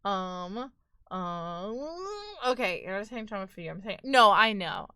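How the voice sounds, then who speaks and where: A woman's voice: mid-range voice, animated, measured pace, pushed and bright, clear, resonant tone, no room sound, studio quality. A woman hosting a live stream, chatting casually with viewers in a playful, teasing, mock-dramatic way. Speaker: livestream host.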